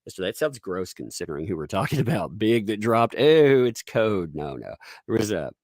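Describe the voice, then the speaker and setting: A man's voice: sits low, sing-song, a little fast, dry recording, clean studio sound. A man with a Southern US accent, chatting casually on a live stream, rambling with restarts and frequent chuckles as he reads viewer tips.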